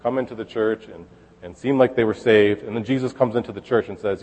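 A man's voice: on the low side, steady tone, fairly quick, darkish tone, long reverb tail, rough recording. A man preaching a sermon in a casual, conversational way, reading scripture aloud and then explaining it. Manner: conversational, with fillers and restarts, reads scripture aloud. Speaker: pastor.

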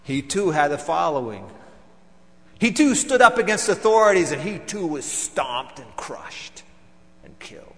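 A man performing a theatrical monologue as a bitter, vengeful temple council elder, moving between loud outbursts and hushed, seething lines. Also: on the high side, sing-song, measured pace, big-room sound. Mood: recounting, measured.

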